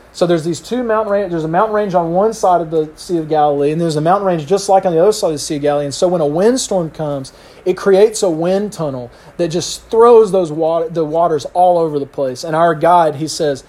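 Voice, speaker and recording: A middle-aged man preaching a sermon, telling the story with lively acted-out quotes from the people in it. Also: on the high side. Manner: animated storyteller acting out quotes. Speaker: pastor.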